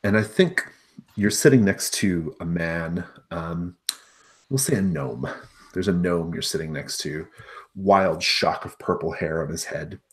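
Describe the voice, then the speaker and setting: A man narrating a tabletop game as game master, relaxed and improvising with many fillers. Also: low-pitched, measured pace.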